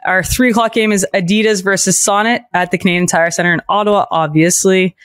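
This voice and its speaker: A woman co-hosting a sports podcast in casual chat, brisk and laughing at her own slips. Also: mid-range voice, fairly even intonation, a bit bright, no echo, studio quality. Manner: brisk, stumbles and laughs at herself. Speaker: podcast co-host.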